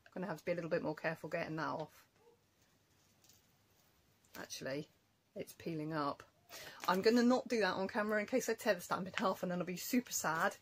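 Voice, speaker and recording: Casting: woman craft vlogger, husky lowish voice, rambling casual show-and-tell. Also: low-quality recording. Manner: chatty, rambling, self-correcting.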